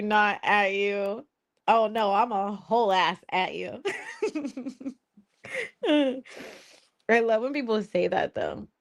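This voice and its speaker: Creaky-voiced woman laughing through live chat. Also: medium pitch. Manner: laughs often, blunt and teasing, swears freely. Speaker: host of a live spiritual Q&A stream. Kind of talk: casual live-stream chat with viewers.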